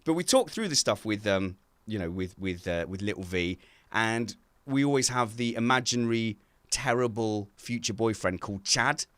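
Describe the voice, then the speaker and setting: A man co-hosting a casual chat from home over a video call, telling animated stories and laughing often. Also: on the low side, moderate pace, dry recording. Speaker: podcast co-host.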